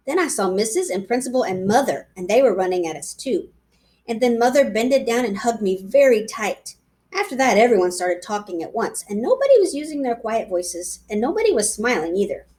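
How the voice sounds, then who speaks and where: A woman reading a children's chapter book aloud in a playful, lively voice. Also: on the high side, brisk. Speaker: reader. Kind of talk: storybook read-aloud.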